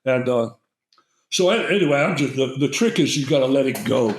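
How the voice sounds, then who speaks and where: A man's voice: mid-range voice, expressive, a little fast, a little hiss or hum. An older man, a guest, telling a long story with many fillers and restarts. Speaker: guest herbalist. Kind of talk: storytelling in conversation. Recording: roomy echo.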